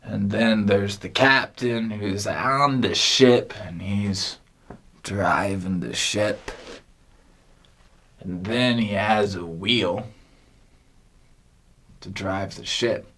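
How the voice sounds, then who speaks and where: A man with a somewhat low voice tells a meandering comic story at an extremely slow crawl. He halts often and leaves long gaps between phrases. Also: fairly bright tone, a little hiss or hum. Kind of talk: rambling comic monologue.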